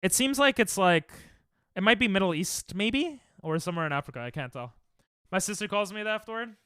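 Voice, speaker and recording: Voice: mid-range voice, lively intonation, brisk, a bit bright, clean tone, dry recording, clean studio sound. A young adult streamer chatting casually with viewers while playing, reacting to chat and laughing often. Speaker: Twitch streamer.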